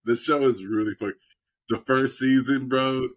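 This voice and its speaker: A man's voice: mid-range voice, steady tone, normal speed. A man in casual podcast chat, retelling a TV show in a rambling, profane way and laughing often. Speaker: podcast co-host.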